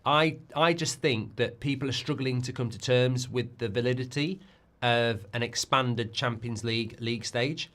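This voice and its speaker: A middle-aged man hosting a live football watchalong, talking in a rambling, excitable way and often repeating and restarting his words. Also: medium pitch, moderate pace. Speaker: host.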